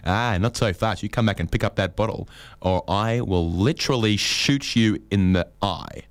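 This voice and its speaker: A man with an Australian accent doing a rambling stand-up monologue, wry, often jumping into high-pitched voices for the people in his stories. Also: moderate pace, dry recording. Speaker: comedian.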